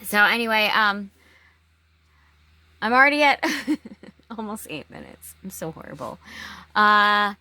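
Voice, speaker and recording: A woman talking in a casual personal vlog, halting, with long pauses and restarts. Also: medium pitch, animated, sharp tone, no echo. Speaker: vlogger.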